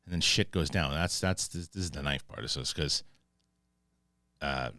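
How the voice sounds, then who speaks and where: Male TV reviewer, very low voice, dry booth sound; casual, salty recapper who rambles and acts out scenes. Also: sharp tone, dry recording. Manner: profane, acts out scenes in quick paraphrased quotes; rambling with restarts when moved. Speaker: film and TV reviewer.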